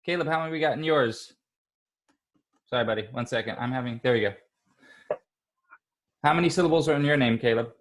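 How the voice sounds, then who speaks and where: A male teacher leading an online class, speaking slowly and patiently and encouraging the children. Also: medium pitch. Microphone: computer mic on a video call.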